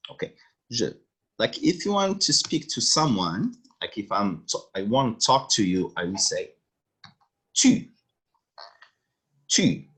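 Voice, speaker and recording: A man's voice: fairly low pitch, fairly bright tone, breathy edge. A male French teacher giving an online language lesson over a video call, patiently repeating phrases.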